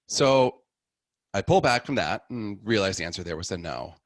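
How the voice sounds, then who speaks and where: Lively low-voiced man telling a story. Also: moderate pace, dry recording. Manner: animated, acts out the dialogue in his story. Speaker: guest sharing his conversion story. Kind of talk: casual storytelling.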